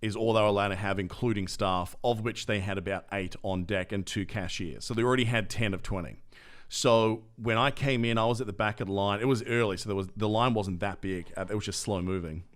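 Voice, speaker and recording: A man with a lowish voice tells a story on a podcast. He talks in a relaxed, chatty way and keeps jumping into the voices of the people he met. It is an easygoing co-host chat. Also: a little fast. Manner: animated storyteller who acts out other people's lines.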